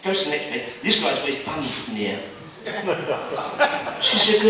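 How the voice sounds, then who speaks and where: A man doing stand-up, telling jokes in a brisk storytelling manner and jumping his pitch up for quoted characters. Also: sing-song, sharp tone. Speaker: stand-up comedian. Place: live comedy venue. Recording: echoey live room, mic at a distance.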